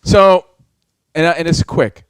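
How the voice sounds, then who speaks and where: A man's voice: a little high, measured pace, clear, resonant tone, no room sound. A man co-hosting a radio show, telling a story in casual chat, acting out voices and swearing freely. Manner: animated, acts out quotes, swears a lot.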